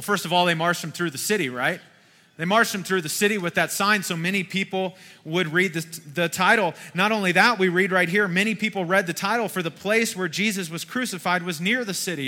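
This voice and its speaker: A man in his forties delivers a sermon in a relaxed, folksy manner and keeps asking his listeners questions. His voice is very bright and sits a little high. Long reverb from a hall hangs behind him. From Kentucky. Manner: conversational, folksy preaching with rhetorical questions. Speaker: pastor.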